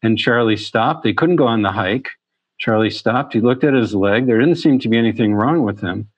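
A man's voice: mid-range voice, normal speed, husky, no room sound. A man, a physician, giving a talk on chronic pain and telling patient stories in an earnest way, often restarting his phrases. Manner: storytelling, earnest, with frequent restarts. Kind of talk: presentation.

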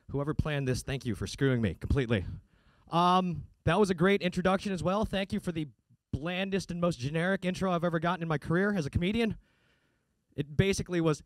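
A man's voice: sits high, dry recording. A man doing a stand-up comedy set, with a sarcastic, punchy delivery and mock voices. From United States.

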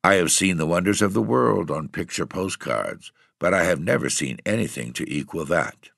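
A man reading a ghost story aloud in a steady, measured way. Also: sits low, gravelly, no room sound, studio quality. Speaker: audiobook reader.

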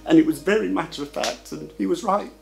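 British man, gravelly voice, animated storyteller, faint music under him. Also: a little high, quick pace, low-quality recording. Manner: animated storytelling, acts out quotes. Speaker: interviewee. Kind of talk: personal recollection.

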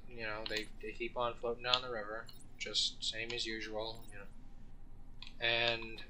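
Casual male let's play host, rambling jokester, sharp bright voice. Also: mid-range voice, a little hiss or hum. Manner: rambling, joking storyteller with fillers and restarts. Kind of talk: casual gameplay commentary.

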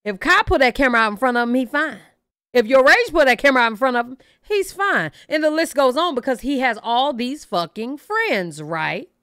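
A woman hosting a reaction channel, giving blunt, profane, animated opinions in casual commentary. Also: high-pitched, brisk, clean tone, no room sound, clean studio sound.

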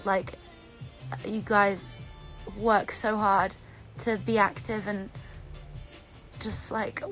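A young woman from the UK chatting on a phone livestream, bubbly and excitable, reading out viewers' comments. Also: medium pitch. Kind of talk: casual live stream chat.

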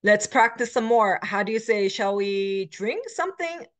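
A woman's voice: mid-range voice, animated, normal speed. Woman teaching grammar with frequent fillers. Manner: explanatory, with frequent fillers and self-corrections; switches between English and Korean examples. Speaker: Korean language instructor. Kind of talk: recorded lecture.

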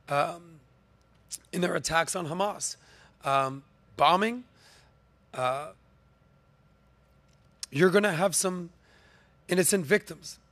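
Podcast host: man, higher voice, dry close sound, emphatic and repetitive, clears his throat often. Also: a bit bright, no room sound. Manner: emphatic, rhetorical questions, repetitive lists. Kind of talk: opinion commentary, talking to camera and co-host.

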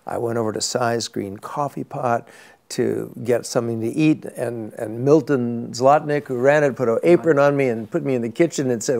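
A man's voice: mid-range voice, normal speed, creaky, darkish tone. An older man, an actor as interview guest, telling rambling anecdotes in a casual chat and often repeating words.

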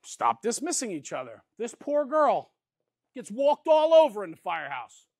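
A man's voice: sits high, wildly swooping pitch, normal speed, a little mellow, no echo, studio quality. Passionate, blunt male fire service speaker. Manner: passionate, blunt, sometimes profane. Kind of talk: motivational conference talk.

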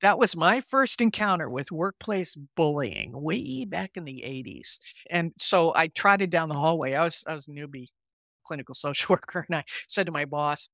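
A woman's voice: deep voice, expressive, normal speed, fairly bright tone, no echo. An older woman psychotherapist speaks earnestly in a podcast interview. She tells her stories with animation and acts out the voices in them. Her voice is recorded close and dry, with no room sound. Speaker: guest psychotherapist.

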